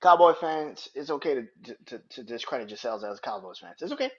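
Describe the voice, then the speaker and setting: Heated profane sports podcast host, husky. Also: male voice, medium pitch, animated, a little fast, a bit bright, lo-fi sound. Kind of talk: sports opinion rant.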